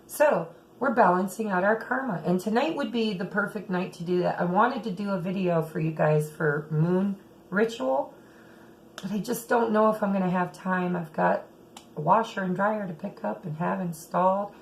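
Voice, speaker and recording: A middle-aged woman giving a chatty tarot reading, often checking in with "okay", her throat a little rough. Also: mid-range voice, moderate pace, slight background noise, rough recording. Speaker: tarot reader. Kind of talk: casual tarot reading monologue.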